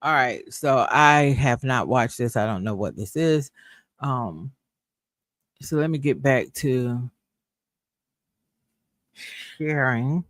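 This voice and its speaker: A man's voice: medium pitch, slow pace, pauses often, fairly bright tone, no room sound. A man hosting a livestream, thinking aloud in a loose, conversational way. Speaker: livestream host. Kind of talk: live commentary.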